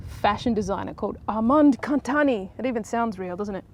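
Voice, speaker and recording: A woman's voice: fairly high pitch, animated, fairly quick, a little mellow. A woman casually recapping a soap episode in a chatty, sarcastic way, mocking the characters.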